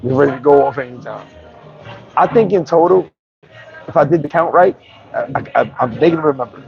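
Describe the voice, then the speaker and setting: A man telling a story in a casual, animated, slangy way and often restarting his sentences. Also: a little high, a little fast, creaky, dull audio, faint music behind. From New York. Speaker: vlogger.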